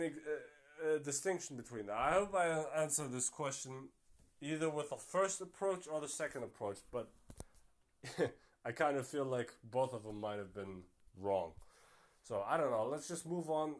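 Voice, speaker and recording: A man hosting a solo podcast, talking casually and thinking aloud, often unsure of himself. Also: mid-range voice. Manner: chatty and self-doubting, thinking aloud. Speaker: podcast host.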